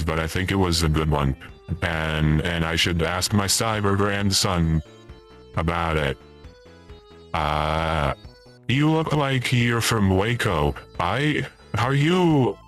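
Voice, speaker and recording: A man's voice: low voice, fairly bright tone. A man putting on the voice of a forgetful retired old man who rambles, stops and repeats himself. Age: older. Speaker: streamer in character. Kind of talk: comedic in-character livestream chat.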